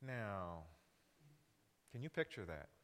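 A man teaching a Bible lesson as a sermon, animated and often putting questions to his listeners. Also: fairly low pitch, slow pace, big-room sound. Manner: animated, asks the audience questions.

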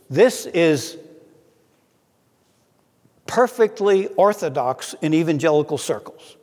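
A man preaching a sermon in an earnest way, slowing down to read scripture aloud. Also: a little high, darkish tone, long reverb tail.

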